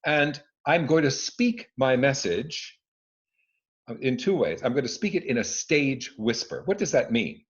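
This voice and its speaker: A man explains his craft with a lively, swooping voice full of emphasis and restarts. He sits at home on a video call, and the audio comes through dull and lo-fi. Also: medium pitch, unhurried. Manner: expressive, emphatic, frequent restarts. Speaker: speaking coach and former conductor. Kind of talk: expert answering interview questions. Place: his living room at home.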